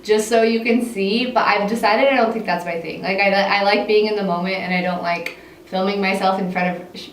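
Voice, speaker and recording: A young American woman telling a casual storytime, chatty and filling her talk with "like," often laughing between phrases. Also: mid-range voice. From United States. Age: young adult. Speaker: vlogger. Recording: echoey room, mic set far off, faint hiss.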